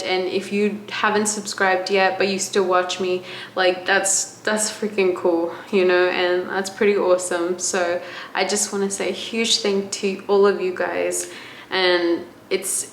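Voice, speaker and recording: A woman's voice: medium pitch, slight background noise. A woman from Australia in her twenties, talking to camera in a casual vlog, gushing and emotional with many fillers and restarts. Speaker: vlogger. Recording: roomy, faint room ambience.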